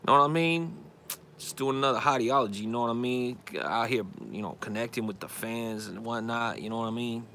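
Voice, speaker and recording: A man's voice: medium pitch, brisk, bright, forceful tone, slight background noise. A podcast host voicing a swaggering young male rapper persona, drawling boastful slang.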